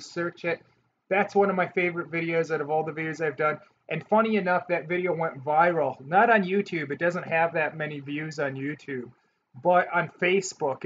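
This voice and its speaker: A man from North Dakota hosts a relaxed question-and-answer chat for his channel, and he talks in an easygoing, self-deprecating way. His voice sits a little high for a man. The audio is muffled and low-fidelity, with faint hiss underneath. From North Dakota, USA. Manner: chatty, self-deprecating, quick to mimic accents. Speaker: vlogger, channel host.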